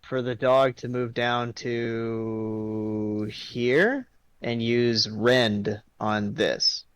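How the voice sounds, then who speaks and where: A man's voice: mid-range voice, steady tone, very slow, clear, resonant tone, no echo. A man playing a tabletop game who jokes, swears and talks through his moves as he goes. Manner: playful, swearing, thinking aloud. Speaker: player. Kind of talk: casual tabletop game chat.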